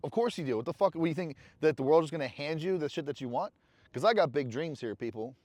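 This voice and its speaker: A man with a higher-leaning, darkish voice talks fast and animatedly over a dry recording. Smoking a cigar for his casual motivational vlog, he addresses the camera candidly and rambles, swearing in blunt self-talk.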